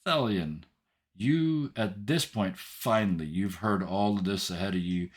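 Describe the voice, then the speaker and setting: A man with a very low voice runs a tabletop role-playing game as game master. He narrates the action loosely, padding it with fillers and checking in with a frequent "right?". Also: a little slow, slightly rough.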